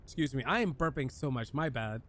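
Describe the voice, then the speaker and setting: A man's voice: medium pitch, a little fast. A male game streamer chatting casually and jokingly with his viewers while he plays. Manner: animated, joking, talks to chat while playing. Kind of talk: casual live-stream chat.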